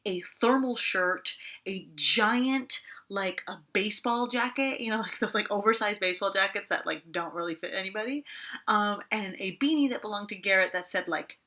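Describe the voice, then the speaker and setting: A woman's voice: medium pitch, sharp tone. A woman in her twenties telling a story in a casual vlog, chatty and full of fillers and swearing. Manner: chatty, swears a lot, many "like" fillers, laughs often. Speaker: vlogger.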